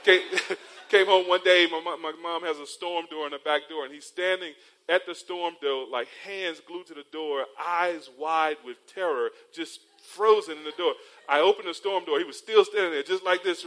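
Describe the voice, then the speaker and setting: A man's voice: a little high, moderate pace, a bit bright, poor audio. A man from North Carolina preaching a sermon as a pastor, telling stories and often calling his listeners beloved. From North Carolina, USA. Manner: storytelling preacher with rhetorical tags, addresses listeners as beloved.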